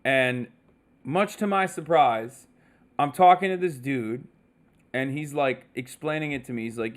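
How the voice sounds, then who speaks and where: A man's voice: mid-range voice, unhurried. A man in his thirties, a streamer telling a story casually, swearing often and acting out the other people's lines in quoted voices. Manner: animated, profane, quotes others in put-on voices.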